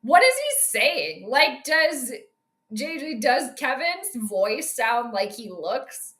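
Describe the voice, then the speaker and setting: A woman's voice: sits high, sing-song, slow, a bit bright, reverberant. A woman hosting a sports live stream, chatting casually and joking with a co-viewer as she comments on the game.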